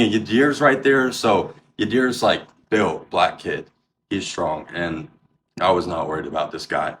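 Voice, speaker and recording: A young man with a lowish, slightly hoarse voice recounts what happened at work, getting animated and loud when he quotes himself. His voice sits over a clear layer of background noise in a casual chat. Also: normal speed. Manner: animated, acts out shouted quotes. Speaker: drive-thru coffee shop worker telling a story. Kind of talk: casual storytelling.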